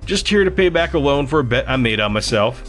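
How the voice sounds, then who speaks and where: A man's voice: medium pitch, expressive, a little fast, fairly bright tone, soft background music, lightly acted. A man voicing a tough, wry male ex-fighter who talks bluntly with a sarcastic drawl. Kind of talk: audiobook character voice.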